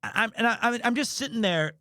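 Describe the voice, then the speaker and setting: A high-voiced man spins a travel story for his stream, animated and self-mocking, swearing casually as he goes. He is right on a close mic in a dry, dead-sounding space. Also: fast, no echo. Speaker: live streamer.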